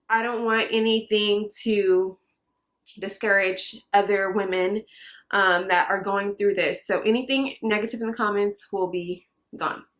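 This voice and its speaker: A woman's voice: mid-range voice, a bit bright. A young adult woman telling her personal story straight to the camera in a vlog. She talks earnestly, hesitates often and sounds close to tears. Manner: earnest, hesitant with many fillers. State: emotional, near tears. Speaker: vlogger.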